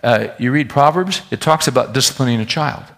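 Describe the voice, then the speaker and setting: A man's voice: mid-range voice, a little fast. Folksy man preaching a sermon. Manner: folksy, animated preaching with asides to the congregation. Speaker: pastor.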